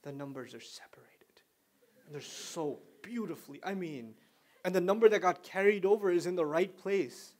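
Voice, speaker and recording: A man giving a religious talk to a young audience, telling stories with big swings from quiet to loud and asking listeners questions. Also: high voice, moderate pace. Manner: animated storyteller with wide swings in loudness; conversational, asks listeners questions. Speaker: Islamic lecturer.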